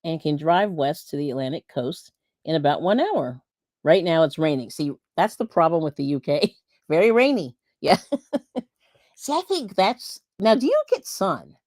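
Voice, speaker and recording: A woman's voice: low voice, sing-song, moderate pace, a little mellow, no echo, studio quality. A middle-aged woman from Pennsylvania hosting a livestream, chatting casually and laughing often as she reads viewer comments. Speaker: livestream host.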